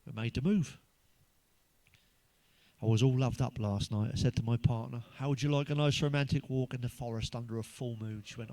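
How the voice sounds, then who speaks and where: An English man doing a stand-up routine of crude, blunt one-liners, full of swearing, who pitches up when he quotes other people. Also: fairly even intonation, normal speed, dark tone. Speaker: stand-up comedian.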